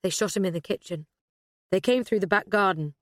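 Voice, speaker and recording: A woman's voice: mid-range voice, fairly quick, no room sound, clean studio sound, close to an everyday voice. A woman voicing a tough young British woman caught in a shootout, talking bluntly and urgently. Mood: tense.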